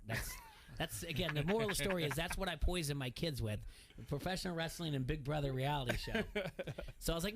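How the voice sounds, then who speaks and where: A man's voice: mid-range voice, expressive, fast talker, slight background noise. A man hosting a sports radio show who tells long, rambling stories and laughs often. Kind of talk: casual chat.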